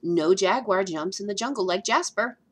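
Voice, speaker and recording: A woman voicing a young male flea, eager and boastful, in a storybook reading with lively pitch. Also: slightly rough. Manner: eager, quick show-off patter.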